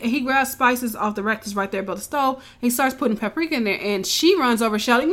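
A woman recapping a show in casual, animated storytelling, swearing freely and acting out the characters' lines. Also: on the high side, brisk, hardly any pauses. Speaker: podcast co-host recapping a show.

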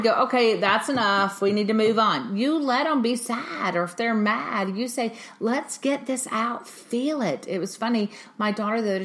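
A middle-aged woman hosting a parenting podcast, talking earnestly and emphatically, often acting out what she says to her kids. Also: medium pitch. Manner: earnest, emphatic, animated with quoted asides. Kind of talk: solo podcast talk.

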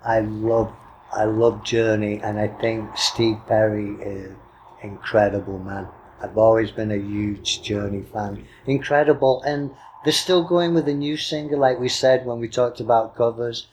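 A man's voice: on the low side, fairly even intonation, measured pace, a little mellow, slight background noise, poor audio. Male podcast co-host, enthusiastic fan, playful and teasing. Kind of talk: casual music chat.

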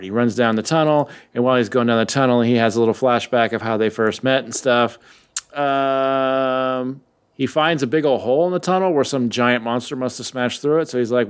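A man recaps a story in loose, rambling chat, his voice sitting in an ordinary middle register. He jumps in and out of quick character voices and keeps a playful, offhand tone. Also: mid-range voice, clear, resonant tone. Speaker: podcast host recapping comics. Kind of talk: casual chat.

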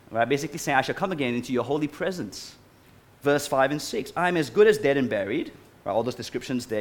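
Guy preaching a sermon, voice goes up and down a lot, kinda high, keeps asking the crowd stuff. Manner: animated, asks the congregation questions. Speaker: pastor.

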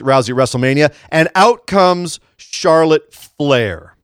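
An animated man co-hosts a casual wrestling podcast, voicing the wrestlers' lines as he recaps them. His voice sits a little high and sounds close and dry. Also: takes it slowly, clean tone, no room sound. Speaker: podcast co-host.

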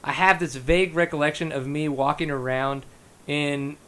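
A man's voice: a little high, steady tone, moderate pace, bright, forceful tone. A man hosting a casual podcast interview, joking and enthusiastic. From United States. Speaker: podcast host.

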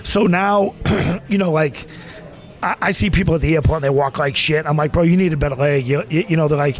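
A former pro wrestler in his forties from Massachusetts, appearing as an interview guest, speaks fairly quickly in a fairly high voice. He tells rambling, animated stories casually, acting out the voices of the people in his anecdotes.

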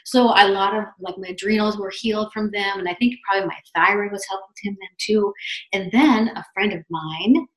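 A woman in her fifties, a podcast guest telling her story in a chatty, animated way. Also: mid-range voice, fairly quick. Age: 50s. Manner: chatty, animated, acts out quotes. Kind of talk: casual storytelling. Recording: echoey room.

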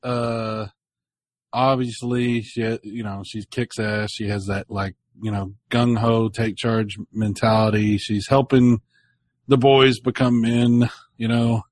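A man co-hosting a podcast in casual chat, animated and swearing, often bursting into loud laughter. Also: mid-range voice, slow, no echo. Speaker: podcast co-host.

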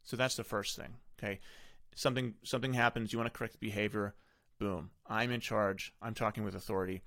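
A man's voice: lowish voice, gravelly, fairly bright tone, dry recording, clean studio sound. A middle-aged man hosting a podcast, giving casual, rambling parenting advice full of self-corrections. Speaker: podcast host.

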